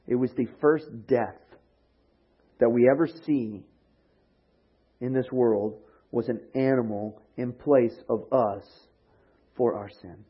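A man with a slightly husky voice preaches a sermon, retelling a story with animated energy and slipping into the voices of its characters. The recording sounds dull and lo-fi. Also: mid-range voice. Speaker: pastor.

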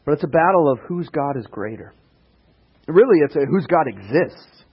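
A man preaching a casual sermon, retelling stories in a conversational way with sarcastic asides and quick character voices. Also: a little high, sing-song, slightly rough, highs cut off. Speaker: pastor.

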